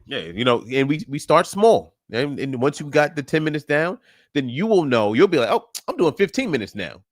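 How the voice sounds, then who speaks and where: A man's voice: on the high side, very animated, moderate pace, no echo, clean studio sound. A young man hosting a live stream as a fitness coach, chatting casually and encouraging callers, laughing often. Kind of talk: casual livestream chat.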